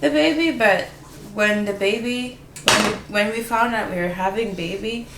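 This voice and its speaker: A woman's voice: medium pitch, moderate pace, very noisy. A pregnant woman chatting on her home vlog, tired and earnest, rambling through her thoughts. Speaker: vlogger sharing her pregnancy journey. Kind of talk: casual vlog chat. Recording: roomy echo, a bit off-mic.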